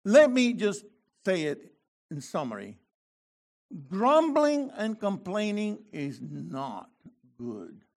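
Guy preaching a sermon, high voice that jumps all over, slow and deliberate. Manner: animated, reads scripture slowly then bursts into loud exclamations.

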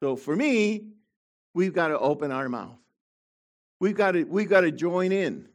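Fervent high-voiced preacher man. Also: expressive, unhurried. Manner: fervent, swings from quiet asides to shouted proclamations. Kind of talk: sermon.

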